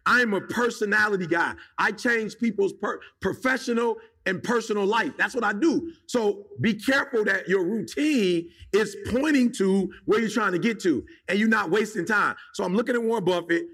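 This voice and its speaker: A man's voice: sits high, expressive, normal speed, hardly any pauses, a bit bright, husky. A man giving a motivational talk in an emphatic, casual, slangy way, firing off rhetorical questions at his listeners. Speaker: motivational speaker.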